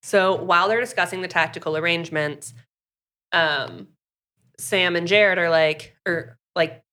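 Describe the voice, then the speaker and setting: A woman's voice: fairly low pitch, a little slow, pushed and bright. A woman co-hosting a podcast, chatting casually and acting out characters' lines with lots of "like". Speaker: podcast co-host recapping a book. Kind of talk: casual chat.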